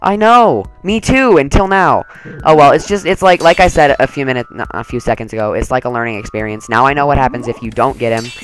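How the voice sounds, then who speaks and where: A man's voice: mid-range voice, fairly quick, a bit bright, faint music behind, rough recording. Chatty young guy narrating a game. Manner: chatty, rambling, lots of "like". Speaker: let's play commentator. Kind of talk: casual gameplay commentary.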